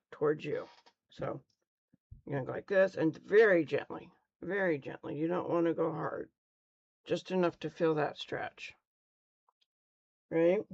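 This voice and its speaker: A woman's voice: on the low side, darkish tone, highs cut off. A middle-aged woman casually teaching beginners on a live stream, chatty and rambling, often stumbling over her words. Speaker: crochet teacher.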